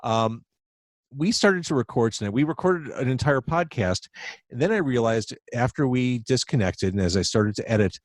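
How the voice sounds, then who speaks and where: A man's voice: mid-range voice, lively intonation, moderate pace, no echo. A man hosting a podcast over a video call from home, chatty and self-deprecating, rambling with fillers as he talks. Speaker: podcast host. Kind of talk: casual interview chat.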